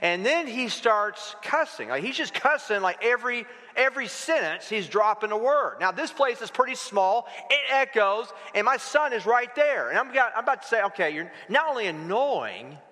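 A middle-aged male pastor giving a sermon, telling stories in an animated way and acting out the dialogue. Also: extremely high pitch, moderate pace, few pauses. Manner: storytelling, animated, acts out dialogue. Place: church sanctuary. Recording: long hall reverb.

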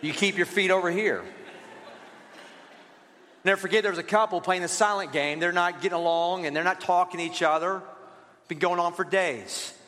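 A man preaching a sermon as pastor, telling lively stories and calling on the congregation to read along. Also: high-pitched, normal speed, long pauses, slight background noise. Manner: lively storytelling with asides to the congregation. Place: church. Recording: reverberant church hall.

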